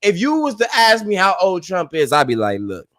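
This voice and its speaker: A man co-hosting a podcast, chatting casually in a lively, joking, rambling way. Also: high-pitched, brisk. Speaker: podcast co-host. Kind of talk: casual chat.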